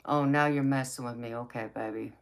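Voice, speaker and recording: Low raspy woman chatting with her viewers. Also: fairly even intonation, brisk. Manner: sassy, affectionate, calls viewers baby. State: dry mouth from talking a lot. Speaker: tarot reader and live-stream host. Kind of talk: late-night live chat, answering viewer comments.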